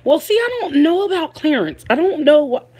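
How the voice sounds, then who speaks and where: A woman's voice: sits high, big pitch swings, moderate pace, a little mellow. A woman with a Philadelphia accent hosting a casual live stream, chatting with viewers, greeting them by name and laughing often. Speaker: livestream host.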